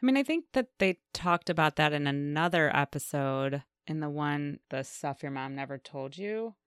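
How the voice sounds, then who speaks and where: A woman with a very low, smooth voice leads a casual discussion and reads out the questions. She talks in an emphatic, animated way, and her voice is recorded dry and close. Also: normal speed, dry recording. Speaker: discussion host reading questions.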